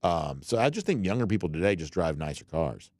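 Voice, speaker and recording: Low-voiced man in casual sports chat. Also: brisk, no room sound, studio quality. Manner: relaxed, rambling, many fillers and restarts. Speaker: podcast host. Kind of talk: casual sports talk, reading listener comments.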